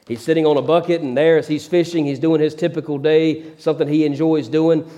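Mellow-voiced male preacher. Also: a little high. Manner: preachy storytelling, repeats words when excited. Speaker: pastor. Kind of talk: sermon.

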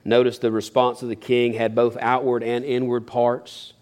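A man's voice: medium pitch, monotone, normal speed, darkish tone. Folksy preacher man. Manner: folksy, earnest preaching with rising emphasis. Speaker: pastor. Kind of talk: sermon.

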